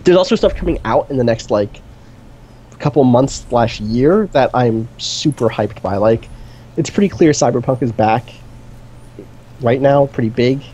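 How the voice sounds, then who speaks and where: A man's voice: medium pitch, unhurried, warm tone, husky, lo-fi sound. A man co-hosting a gaming stream, talking in a casual, enthusiastic, rambling way with lots of fillers. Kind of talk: casual chat. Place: indoor streaming setup.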